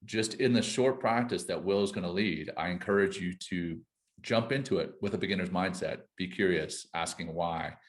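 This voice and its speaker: A man's voice: deep voice, moderate pace. A man co-hosting a podcast, encouraging listeners in a casual way and repeating short phrases for emphasis. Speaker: podcast co-host. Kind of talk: casual chat.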